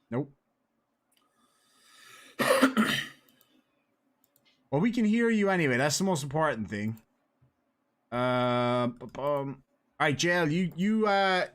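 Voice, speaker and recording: Man, Irish accent, live stream host, casual chat, teasing, mid-pitched. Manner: chatty, teasing, joking with guest and chat.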